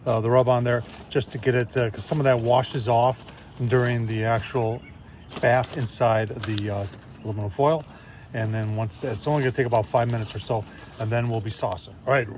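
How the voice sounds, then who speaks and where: A man's voice: mid-range voice, a little hiss or hum. A man hosting a casual outdoor barbecue demo, folksy and chatty, calling his viewers "folks". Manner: folksy, keeps saying "folks" and "I tell you what". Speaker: barbecue video host. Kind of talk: casual cooking demonstration.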